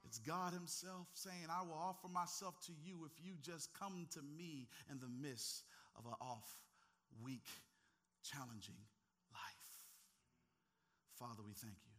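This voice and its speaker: A man preaching a sermon, telling a story, building to a loud call-and-response and then praying quietly. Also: a little high, unhurried. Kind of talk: sermon with prayer.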